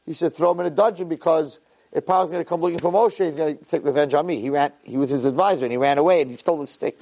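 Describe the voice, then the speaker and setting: A middle-aged man, a rabbi, giving a lively Torah lecture to a class and acting out the voices in his stories. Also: a little high. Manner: animated storyteller who acts out voices and cries out quoted lines.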